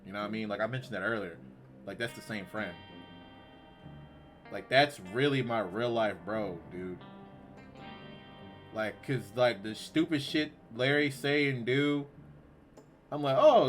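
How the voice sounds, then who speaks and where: A man giving let's-play commentary on a game, slangy and profane, shaken and near tears, swinging from quiet mumbling to outbursts. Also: fairly low pitch, unhurried, long pauses, faint music behind. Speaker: gaming YouTuber.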